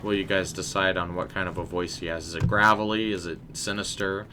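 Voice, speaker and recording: A man with a low, deep voice gives loose, rambling commentary while he plays. He talks straight to his viewers and answers their messages. The audio has clear background noise and game sounds. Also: fairly even intonation, fairly quick. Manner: chatty and rambling, talking to chat. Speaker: game streamer. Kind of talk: casual live gameplay commentary.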